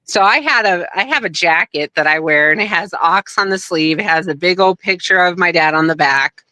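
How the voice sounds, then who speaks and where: A middle-aged woman tells a personal story in casual conversation. Her voice is bright and smooth. She is animated and acts out other people's lines as she goes, recorded dry with no room sound. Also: lowish voice, moderate pace, no room sound, poor audio. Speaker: guest, wrestler's daughter.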